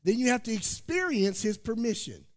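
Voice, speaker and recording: A pastor from Indiana preaching a sermon, joking and calling out to his congregation in an animated way. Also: extremely high pitch, moderate pace. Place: church sanctuary. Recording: long church hall reverb.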